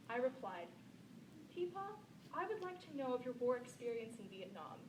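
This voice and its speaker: Woman speech-contest competitor with a high voice, earnest and measured, picked up from a distance. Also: very animated, noisy background. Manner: earnest, measured oratorical delivery. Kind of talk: memorized contest speech with a recited poem.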